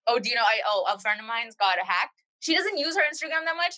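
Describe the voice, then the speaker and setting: A young woman hosting a casual chat podcast, playful and blunt, quick to mock her guest. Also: a little high, lively intonation, bright, forceful tone. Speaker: podcast host.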